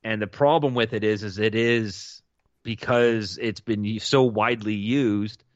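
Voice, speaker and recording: A man's voice: fairly low pitch, steady tone, measured pace, no room sound. Sarcastic man on a dull dry mic. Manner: sarcastic, laughs often. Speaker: podcast co-host. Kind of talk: casual chat and news commentary.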